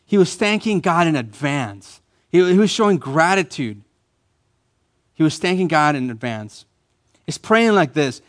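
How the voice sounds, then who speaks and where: A man preaching a sermon as a pastor in a church, emphatic, repeating key phrases and rising to louder bursts. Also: fairly high pitch, very animated, a little slow, pauses often.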